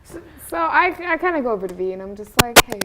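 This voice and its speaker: A young woman playing a tabletop game, talking in character in a soft, hesitant way. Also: fairly high pitch, sing-song, quick pace, very noisy. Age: young adult. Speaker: player.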